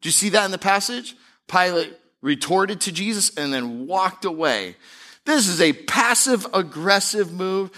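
A man pastor preaching a sermon, animated, slipping into mocking voices to make his points. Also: high-pitched, measured pace.

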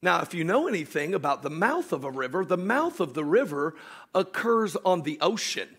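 High, bright-voiced preaching man. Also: normal speed, breathy edge. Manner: animated, swings from shouting to hushed asides, joking with congregation. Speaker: pastor. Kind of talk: sermon.

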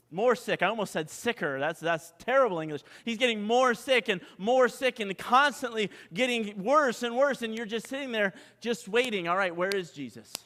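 High-voiced preacher man in echoing hall. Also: pushed and bright. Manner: dramatic preaching, sung hymn opening, rhetorical questions. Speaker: pastor. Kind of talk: sermon. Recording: long hall reverb.

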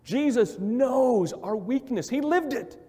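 High, animated male preacher in a hall. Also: slow, husky. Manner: emphatic, repetitive, swells from quiet to loud. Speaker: pastor. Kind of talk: sermon. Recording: long hall reverb.

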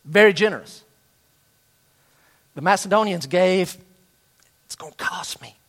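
A middle-aged man with a fairly high voice delivers a sermon. He tells a story with energy and switches into the voices of students and their coach as he goes. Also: measured pace, a bit bright. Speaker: pastor.

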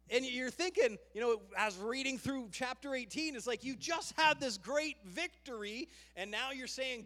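A man preaching a sermon, fervent and emphatic, with loud rising bursts as he tells the story. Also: very high voice, animated, unhurried, hardly any pauses. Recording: long hall reverb.

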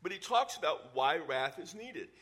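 A middle-aged man with a drawl delivers a teaching sermon. His voice sits a little high and rings bright and forceful, yet he keeps a conversational, explaining tone. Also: big pitch swings, normal speed, slightly rough. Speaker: pastor.

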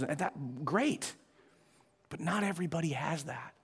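A man's voice: on the high side, expressive, a little slow, long pauses, husky. A man in his forties preaching a sermon to his congregation in a church, chatty and self-deprecating, with frequent asides to the room. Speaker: pastor. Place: church auditorium.

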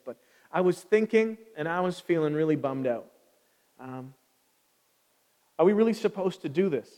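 A high, somewhat mellow voice carries this pastor's conversational sermon as he puts questions to his congregation. He's in a church sanctuary, and the large hall adds a long reverb.

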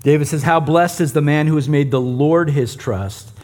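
A man's voice: a little high, moderate pace, darkish tone. A man preaching a sermon and teaching a Bible passage in a conversational way, with asides to the congregation. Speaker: pastor.

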